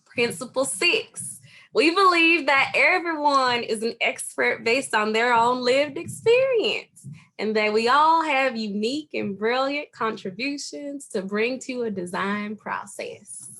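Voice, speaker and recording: Woman putting on a bright country drawl. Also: fairly high pitch, lively intonation, measured pace, full character voice. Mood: playful. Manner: playful, dramatic. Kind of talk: theatrical reading aloud.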